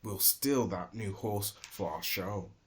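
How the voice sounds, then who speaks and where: A man's voice: on the low side, slow pace, pitched below the performer's own voice. A man voicing greedy male robbers in a read-aloud storybook, muttering their plans and then jeering with glee. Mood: scheming.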